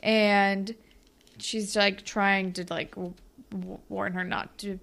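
A woman's voice: mid-range voice, slow pace, vocal fry. A young woman co-hosting a casual chat, laughing often and acting out lines as she recaps a TV episode. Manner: giggly, animated, acts out quotes. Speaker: podcast co-host.

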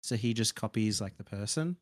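A man's voice: on the low side, animated, fairly quick, dry recording, studio quality. A man with an Australian accent co-hosting a casual podcast, laid-back and wry. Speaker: podcast co-host.

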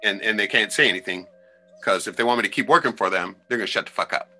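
A man, a former crab fisherman, telling wild sea stories in a loose, profane, animated way on a podcast. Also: fairly low pitch, fast talker, soft background music. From Alaska. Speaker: podcast guest. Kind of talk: casual storytelling.

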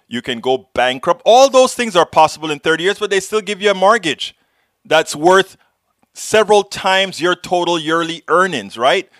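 A man with a Texan accent hosting a live political talk show, greeting viewers and lecturing them in an animated, folksy, jokey way. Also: sits high, moderate pace, no room sound, clean studio sound. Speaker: host.

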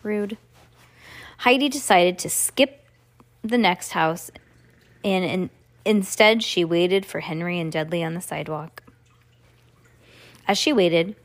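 Playful woman reading a storybook. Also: on the low side. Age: adult. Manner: playful, chatty asides to a child. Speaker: podcast host reading aloud. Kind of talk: reading a children's book aloud.

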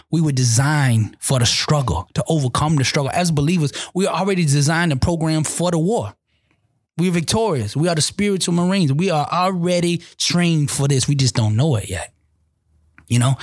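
Male motivational speaker, husky timbre, dry recording; animated, repetitive testimony delivery. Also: mid-range voice, no echo. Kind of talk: conversational storytelling testimony.

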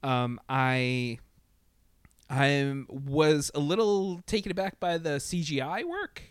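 A man's voice: a little high, animated, takes it slowly, clear, resonant tone, no room sound, studio quality. A man chatting casually about a TV show, hesitant, stumbling through restarts as he thinks aloud. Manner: hesitant, many restarts and fillers. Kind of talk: casual review chat.

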